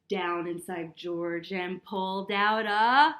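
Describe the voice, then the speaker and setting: Playful, bright-voiced woman reading to kids. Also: fairly high pitch, unhurried, echoey room, distant mic, poor audio. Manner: playful, animated, makes animal sounds. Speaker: children's storyteller and yoga teacher. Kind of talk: reading a picture book aloud with kids' yoga.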